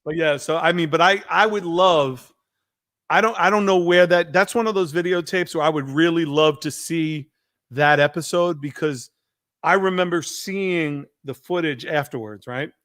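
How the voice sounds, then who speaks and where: A man hosting a podcast, telling a story in an animated way and acting out the people he quotes. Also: on the high side, moderate pace, dry recording, clean studio sound. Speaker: podcast host. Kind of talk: casual storytelling chat.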